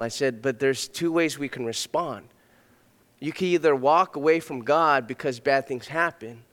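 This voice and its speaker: A man preaching a sermon as pastor, earnest, swinging between loud emphatic passages and soft hushed ones. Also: medium pitch. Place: church sanctuary. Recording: long reverb of a hall.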